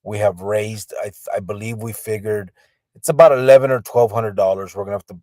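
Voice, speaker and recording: A man's voice: on the low side, fairly even intonation, a little fast, darkish tone, dry recording. Laid-back man chatting from a car. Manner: laid-back, reads viewer comments aloud, swears casually. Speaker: podcast host. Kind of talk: casual livestream chat. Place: parked car in the rain.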